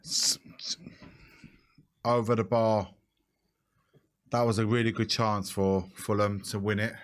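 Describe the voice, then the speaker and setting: A man's voice: fairly low pitch, little pitch movement, unhurried. A young man co-hosting a football watch-along, exasperated as he breaks down each missed chance. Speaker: co-host.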